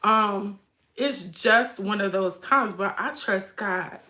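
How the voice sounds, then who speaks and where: A woman's voice: medium pitch, slow pace, pushed and bright. A middle-aged woman hosting a livestream, speaking with her viewers casually and directly while she fights back tears. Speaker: livestream host and mother. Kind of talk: emotional casual livestream chat.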